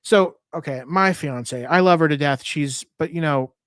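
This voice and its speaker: Chatty cohost guy telling travel stories, kinda high voice, dry close sound. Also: moderate pace, fairly bright tone, no room sound. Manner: chatty travel storyteller, easygoing. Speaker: podcast co-host. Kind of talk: casual podcast chat.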